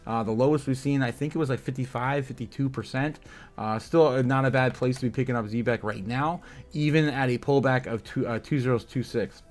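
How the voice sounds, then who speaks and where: A man's voice: medium pitch, brisk. A man hosting a casual crypto livestream, reading headlines and viewer chat with lots of filler sounds and frequent laughter.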